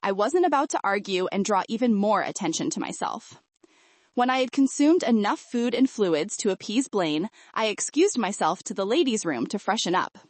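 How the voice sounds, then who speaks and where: A woman narrating a first-person romance audiobook in an expressive, emotive way. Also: mid-range voice, normal speed, no room sound.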